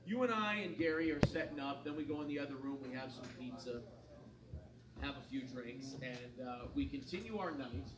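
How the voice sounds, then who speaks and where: A man's voice: mid-range voice, brisk, noisy background. A man hosting a morning show, telling a bar story in casual chat and acting out the people he quotes. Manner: animated storyteller, acts out quotes. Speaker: morning radio show host. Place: studio. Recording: roomy sound from a distance, crowd behind.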